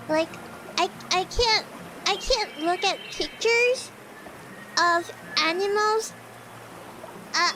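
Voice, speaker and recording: Female streamer, very high voice, slight lisp, unhurried, melodramatic; noisy home mic. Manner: animated, dramatic outbursts. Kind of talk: casual stream chat.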